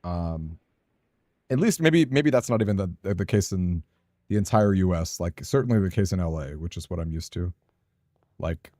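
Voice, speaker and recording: In a dry, studio-quality recording, a man with a low, dark voice streams a game and chats casually with his viewers. He rambles, pokes fun at himself, and laughs often.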